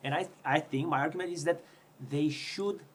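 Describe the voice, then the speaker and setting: A man interviewing a guest, measured and pushing back with hesitant restarts. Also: fairly high pitch. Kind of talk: conversational interview.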